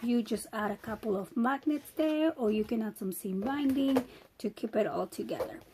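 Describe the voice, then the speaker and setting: A woman with a hoarse, fading voice, chatting her way through a step-by-step crafting tutorial. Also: a little high, mellow, a little hiss or hum. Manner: chatty, unhurried, talks while working. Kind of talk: casual step-by-step craft demonstration.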